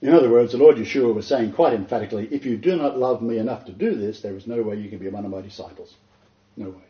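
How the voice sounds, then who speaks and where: A man preaching a sermon as pastor, animated and emphatic, often breaking into laughter. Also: mid-range voice, quick pace, reverberant, dull audio.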